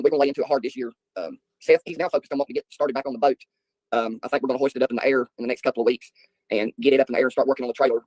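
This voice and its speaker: A middle-aged man with a mid-range, darkish voice tells rambling, folksy stories to viewers on a casual livestream, chuckling often. The recording has no echo.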